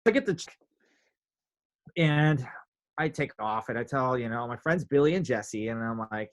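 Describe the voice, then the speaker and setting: A man telling a story in a casual interview, animated, filling his talk with "like" and acting out quotes. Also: mid-range voice, normal speed, pauses often. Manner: animated, many "like" fillers, acts out quotes. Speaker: podcast guest, drummer.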